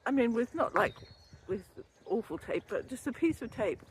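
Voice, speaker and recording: A woman's voice: a little high, animated, moderate pace, slight background noise. An older woman chatting casually as she walks outdoors, a little out of breath, rambling and laughing easily about wellbeing. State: out of breath from walking. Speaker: wellbeing vlogger and former yoga teacher trainee. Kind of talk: casual walking vlog talk. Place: outdoors walking along a canal. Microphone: built-in camera or phone mic, no separate microphone.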